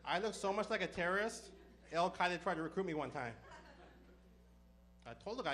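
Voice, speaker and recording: A man doing a stand-up comedy set, telling stories with deadpan punchlines. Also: high voice. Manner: deadpan punchlines, brisk storytelling.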